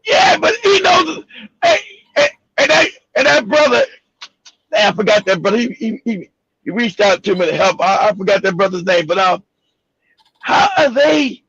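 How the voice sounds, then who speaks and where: A man's voice: sits high, lively intonation, normal speed, vocal fry, a bit bright, slightly rough, no echo, highs cut off. A man talking in a heated casual chat, emphatic and profane, often stammering and repeating words.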